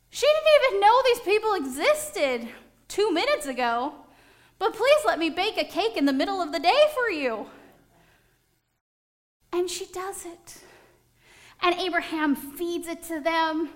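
A woman delivering a sermon in a high, bright voice. She tells the story with lively animation and slips into the voices of the people in it. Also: normal speed. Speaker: preacher.

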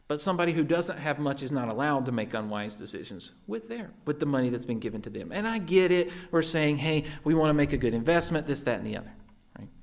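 A man who is a parent of a young child, preaching a sermon in a conversational way, often tagging "right?" onto his points and moving between raised emphasis and hushed asides. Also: on the high side. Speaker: pastor.

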